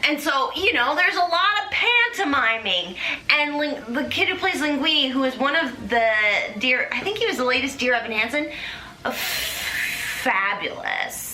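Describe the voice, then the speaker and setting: A woman's voice: sits high, big pitch swings, normal speed, bright, forceful tone. A young woman hosting a comedic chat, rambling playfully with lots of fillers. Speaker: host. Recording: echoey room with faint noise.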